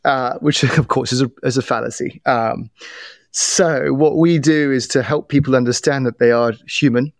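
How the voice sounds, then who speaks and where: Animated, restart-prone man telling stories. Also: mid-range voice, normal speed, vocal fry, dry recording, studio quality. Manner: animated storyteller with repeated restarts. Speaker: podcast guest, bias trainer. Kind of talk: casual interview talk.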